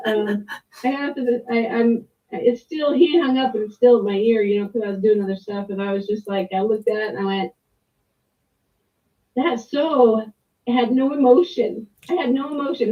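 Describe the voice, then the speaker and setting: A candid middle-aged woman tells her story in a rambling, frank way, dropping the odd swear word. Her voice sits a little high and comes over a tinny, phone-like line from some distance off the mic. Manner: rambling, candid, with frequent restarts and mild swearing. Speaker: client sharing a testimonial. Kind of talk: casual personal testimony.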